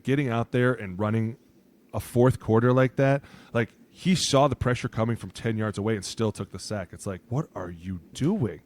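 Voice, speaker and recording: A man's voice: lowish voice, a little mellow. A man co-hosting a casual sports podcast, a former offensive lineman who talks bluntly, swears freely and acts out what coaches say.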